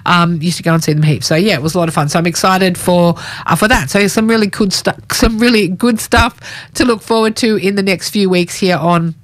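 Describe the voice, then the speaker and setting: A middle-aged Australian woman talks between songs on a community radio show, loose and chatty, often stopping to correct herself. Her voice is a little croaky from a cold. She is close to a studio microphone in a dry, dead room. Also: fairly low pitch, fairly quick, no echo. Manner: chatty, relaxed, with fillers and self-corrections. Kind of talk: casual radio presenting.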